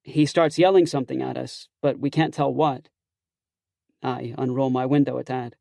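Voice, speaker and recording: A man's voice: mid-range voice, fairly even intonation, normal speed, vocal fry, mellow, dry recording. A man narrating a first-person audiobook in a wry, conversational, self-conscious way, close to a studio mic.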